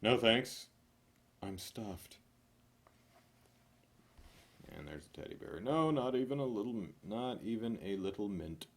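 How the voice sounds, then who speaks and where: Man, lowish voice, reads joke after joke, swings his pitch wide, stretches the punchlines. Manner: animated, punchy joke delivery with drawn-out punchlines. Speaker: host reading jokes. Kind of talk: reading jokes aloud from a book.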